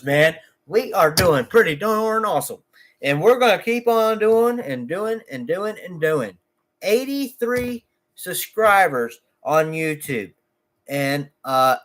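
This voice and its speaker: A man's voice: high voice, a bit bright. A man who runs a small lawn care business, rambling casually and joking to his vlog viewers, often taking his jokes back. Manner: jokey, rambling, quick to say he's kidding.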